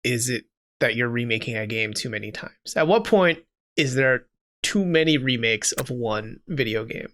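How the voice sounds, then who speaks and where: A man's voice: mid-range voice, lively intonation, moderate pace, a bit bright. Easygoing man thinking aloud on a podcast. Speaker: podcast co-host. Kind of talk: casual chat.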